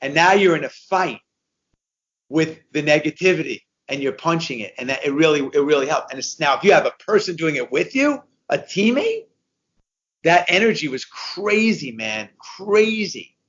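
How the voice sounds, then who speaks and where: A man's voice: on the high side, expressive, moderate pace, fairly bright tone, muffled recording. A man in his fifties, a podcast guest, telling stories with energy and repeating phrases for emphasis. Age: 50s. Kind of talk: conversational podcast interview.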